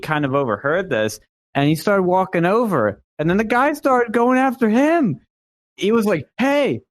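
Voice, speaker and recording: A man's voice: medium pitch, no room sound. A young man co-hosting a casual talk show, telling a long story with plenty of fillers and restarts. His voice sits in a middle range and is recorded close and dry, with no room sound. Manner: rambling, many fillers and restarts. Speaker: podcast co-host.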